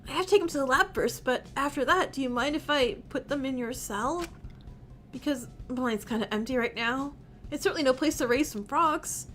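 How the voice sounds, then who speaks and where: A woman's voice: sits high, moderate pace, a bit bright, soft background music. A woman reading the lines of a shy, awkward nonbinary teen student from a visual novel, hesitant and trailing off.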